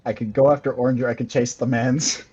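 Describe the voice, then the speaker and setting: A man playing a tabletop game, talking casually in a halting way and repeating his words. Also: mid-range voice, little pitch movement, a little mellow, husky, soft background music, low-quality recording. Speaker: player.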